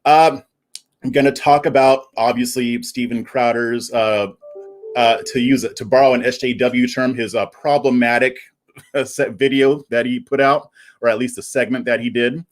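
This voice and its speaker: A man's voice: mid-range voice, fairly even intonation, moderate pace, soft background music. Chatty man hosting a livestream. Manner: chatty, plugging his channel, previewing topics. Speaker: livestream host. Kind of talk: casual live-stream chat.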